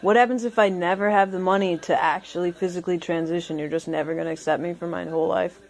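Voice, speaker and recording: A young adult with a mid-pitched voice presses a parent with pleading, insistent questions. The delivery is plain and direct. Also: steady tone, quick pace. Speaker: adult child arguing with a parent.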